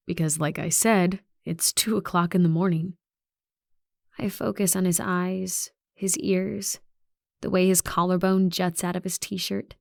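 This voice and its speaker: A woman reading a first-person audiobook in a soft, intimate way, with quiet passages. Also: medium pitch, gravelly, no echo, studio quality. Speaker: audiobook narrator.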